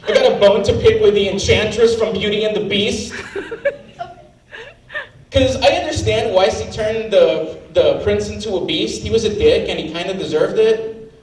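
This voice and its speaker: A man's voice: high-pitched, moderate pace, noisy background. Ranting, outraged standup comic man. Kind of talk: standup set. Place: comedy club stage. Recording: roomy live venue, mic at a distance, faint ambience.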